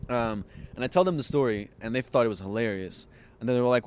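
A man's voice: medium pitch, fast talker, a little hiss or hum. A man guest on a podcast, telling a long story with laughs and acted-out dialogue. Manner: lively, laughs often, acts out others' lines. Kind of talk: animated storytelling.

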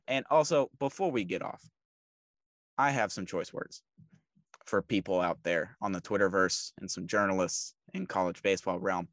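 A man with a fairly low voice, co-hosting a casual sports podcast. He talks emphatically and repeats himself when he gets fired up. The sound is dry and close. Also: dry recording. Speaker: podcast co-host.

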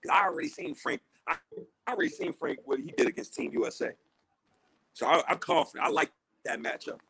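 A man's voice: quick pace, dry recording, low-quality recording. A man co-hosting a casual sports podcast, talking in a heated, joking way. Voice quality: gravelly, husky. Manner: animated, jumping pitch, heated and joking. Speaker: podcast co-host.

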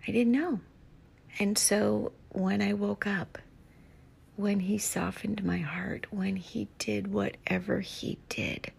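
A woman's voice: fairly low pitch, creaky, breathy edge. A woman with a scratchy voice hosts a Christian podcast, tired and near tears, talking in a heartfelt, half-whispered way. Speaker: podcast host, Christian life coach. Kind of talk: emotional casual podcast talk.

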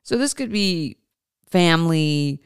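A woman hosts a podcast at an unhurried, easygoing pace, her lowish voice edged with a gravelly fry. She keeps it chatty and informal, speaking straight to her listeners. The sound is close and dry, with a smooth, resonant tone. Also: lively intonation, dry recording. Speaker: podcast host. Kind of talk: casual podcast chat.

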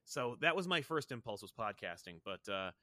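A man's voice: mid-range voice, sing-song, normal speed, pushed and bright, no room sound. A man in his thirties, a podcast guest, talking in a casual, rambling way with lots of fillers and restarts. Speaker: podcast guest, comics YouTuber. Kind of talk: casual chat.

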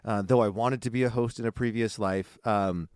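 A man's voice: on the low side, fairly even intonation, moderate pace, darkish tone, dry recording, clean studio sound. A man co-hosting a casual podcast, talking in a chatty, rambling way with fillers and restarts. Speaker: podcast co-host. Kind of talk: casual chat.

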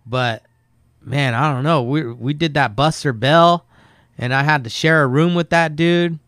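A man's voice: a little high, unhurried, a bit bright, clear, resonant tone, no echo, clean studio sound. A man talking casually on a podcast, laid-back and rambling, swearing a lot as he tells skate stories. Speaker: guest skateboarder.

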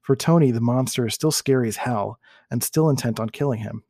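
A man reading a book passage aloud in a measured way, sometimes restarting words and adding comments of his own. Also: mid-range voice, warm tone, no echo, studio quality. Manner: measured, with occasional restarts and self-corrections.

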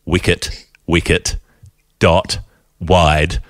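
Aussie guy with a super low voice, chatty storyteller, dry close mic. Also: very slow, no room sound. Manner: animated, laughs through his stories. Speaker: podcast host. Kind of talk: casual storytelling chat.

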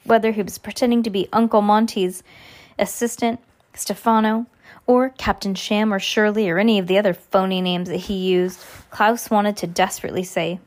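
A woman reads a children's story aloud, narrating in an even, ordinary voice. She handles every part herself and slips into high giggles for the characters. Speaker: reader. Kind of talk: audiobook reading.

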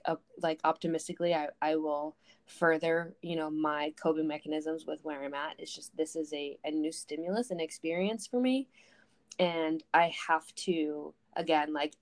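A woman talking in a casual, thoughtful way as a podcast co-host, with lots of fillers. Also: sits low. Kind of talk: casual reflective chat.

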